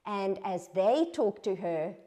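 Woman preacher, mid-pitched, conversational sermon with earnest rhetorical questions. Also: expressive, slow, dark tone. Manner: conversational and reflective.

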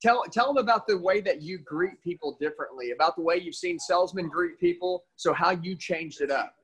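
Male interviewer, encouraging, slightly high husky voice. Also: brisk, a bit bright, rough recording. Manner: encouraging, prompting questions. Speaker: sales trainer and interviewer. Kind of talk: casual interview talk.

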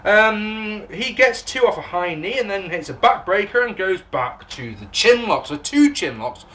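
A man's voice: high voice, animated, a little slow, a bit bright. A man with an English accent, recapping and reviewing a wrestling show in a rambling, sarcastic way, swearing and laughing at his own jokes. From England. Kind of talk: casual recap and commentary.

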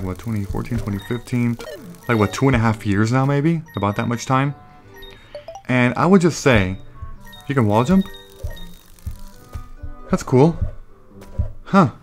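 A young man doing let's play commentary at home, rambling and ranting and breaking off with exclamations at the game. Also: medium pitch. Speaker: gaming YouTuber. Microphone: desktop USB microphone. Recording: crackling, popping home mic.

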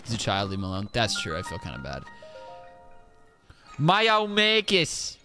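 Man, game streamer, excitable, jokey running commentary, lively pitch. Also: racing, music in the background. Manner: excitable, exclaims and jokes to himself. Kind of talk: live gameplay commentary.

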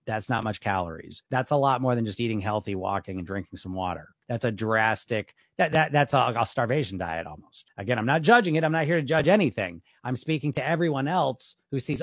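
A man's voice: mid-range voice, lively intonation, fairly quick, hardly any pauses, fairly bright tone, no room sound, clean studio sound. A man reading viewer comments aloud on a livestream and answering them bluntly and skeptically, swearing casually and laughing often. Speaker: weight loss coach on a livestream.

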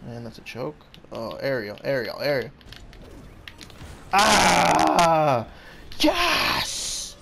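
Excitable man with a gravelly voice. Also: mid-range voice, normal speed, hardly any pauses, noisy background. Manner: excitable, blurts out reactions and short shouts; talks to his opponent and himself. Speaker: gaming channel host. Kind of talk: casual gameplay commentary.

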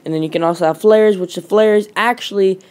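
A woman giving casual, rambling commentary over mobile game footage. She talks quickly and fills her speech with "like" and "um". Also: mid-range voice, darkish tone. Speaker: gaming channel host. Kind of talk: gameplay commentary.

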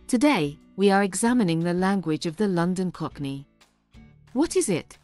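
A woman's voice: fairly low pitch, very animated, moderate pace, darkish tone, faint music behind. Upbeat woman hosting a language lesson. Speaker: host. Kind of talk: scripted presenting.

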